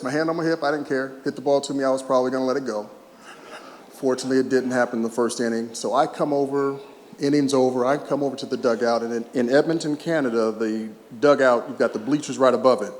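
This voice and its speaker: A man around sixty speaks at a podium in a large hall, his mid-pitched voice carrying a long reverb tail over a faint murmur of ambience. He mixes heartfelt, emotional moments with humorous stories. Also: steady tone, fast, a little mellow, slight background noise. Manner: emotional, humorous storyteller who chokes up at times. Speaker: retired baseball player giving an awards speech. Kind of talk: heartfelt public speech with anecdotes.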